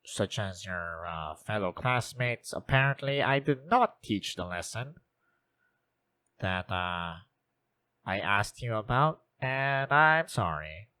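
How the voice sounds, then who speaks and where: A man voicing an apologetic middle-aged male teacher who halts with many pauses, in a spoken story. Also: lowish voice, bright, forceful tone, smooth, heavily acted. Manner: halting, full of "uh" pauses.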